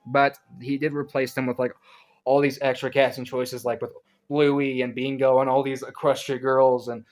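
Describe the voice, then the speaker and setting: A man's voice: mid-range voice, level tone, moderate pace, poor audio. A man in his twenties giving a casual, rambling spoken review from his own room at home, drifting from tangent to tangent in a chatty way. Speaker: YouTube reviewer.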